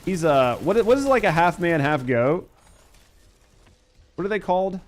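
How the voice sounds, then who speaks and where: A man's voice: high-pitched, big pitch swings, a little slow. A man in his thirties streaming a game, joking and swearing as he chats with viewers. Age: 30s. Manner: profane, joking, reads chat aloud while playing. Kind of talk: casual gaming stream chat.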